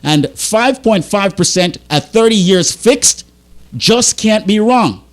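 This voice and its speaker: Male radio host, high and animated, agitated pleading pitch. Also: slow. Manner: agitated, pleading, tripping over words. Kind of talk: impassioned radio sales talk. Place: radio studio.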